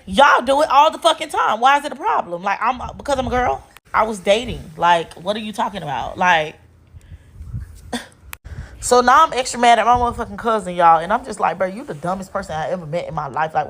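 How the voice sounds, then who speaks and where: This woman tells her story in a blunt, profane, exasperated way. Her voice sits a little high, and she talks casually, as if venting to friends. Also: fairly bright tone, breathy edge. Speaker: storyteller sharing a relationship story.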